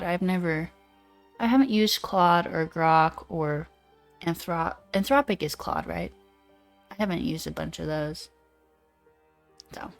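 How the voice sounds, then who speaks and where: A young woman hosts a livestream in casual, easygoing chat, reading out viewer comments and riffing on them playfully. Her voice sits a little on the low side. Faint music plays quietly behind her. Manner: chatty, laid-back, quotes AI voices playfully. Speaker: livestream host.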